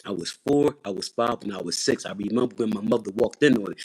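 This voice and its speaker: Husky low-voiced man, intense. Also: fast talker, few pauses, a little mellow. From Philadelphia, USA. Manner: intense, repetitive, blunt and profane. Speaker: livestream host. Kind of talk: raw personal testimony on a livestream.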